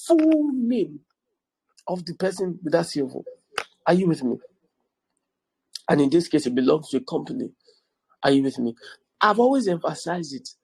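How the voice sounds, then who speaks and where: A man's voice: a little high, a little mellow, husky, dry recording, poor audio. A man teaching real estate in an online class over a video call, repeating key points and checking in with his students. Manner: keeps checking in with the audience, emphatic repetition.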